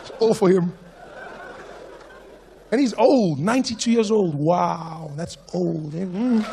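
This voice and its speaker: A South African man doing stand-up comedy, telling stories in an animated, playful way. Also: sits high, slow, crowd noise, background noise.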